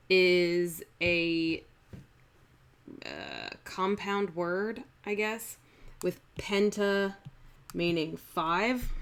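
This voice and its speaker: Female teacher, lower pitch, slow and explanatory, live-stream lesson. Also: fairly bright tone, clear, resonant tone. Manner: unhurried, explanatory, with fillers and restarts. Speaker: acting teacher.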